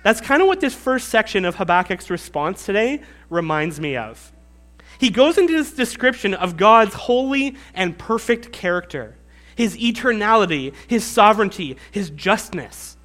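A man's voice: sits high, expressive, normal speed, fairly bright tone, soft background music. A man pastor giving a conversational, teaching-style sermon.

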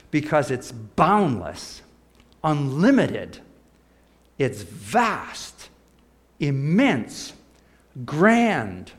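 A man preaching a sermon, animated, piling up words and dropping to a soft hush for emphasis. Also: fairly high pitch, vocal fry.

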